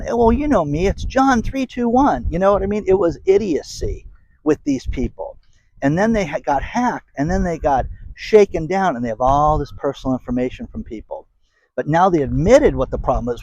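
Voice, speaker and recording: A man's voice: medium pitch, darkish tone, dry recording, rough recording. A man hosting a casual commentary channel, rambling and sarcastic as he talks straight to his viewers. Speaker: host of an economy commentary channel.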